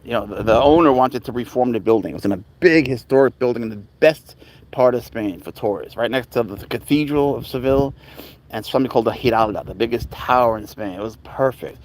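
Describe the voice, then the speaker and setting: A man hosts a casual live stream at a mid pitch, rambling through his stories the way he would with a friend. Between the stories he slips into soft baby talk for his cat. The tone stays easygoing and unscripted. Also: fairly quick, a little hiss or hum. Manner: rambling, conversational storytelling. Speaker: livestream host and pet owner; teacher.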